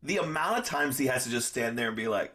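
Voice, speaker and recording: A podcast co-host with a mid-range voice that swings widely in pitch while telling stories. Talks casually and laughs at their own tongue slips. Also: animated, quick pace, heavy background noise. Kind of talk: casual chat.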